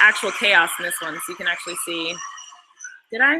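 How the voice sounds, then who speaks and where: A woman's voice: fairly low pitch, brisk, noisy background. A young woman chatting casually on a live stream, gushing over behind-the-scenes stories with apologetic asides. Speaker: show creator and host.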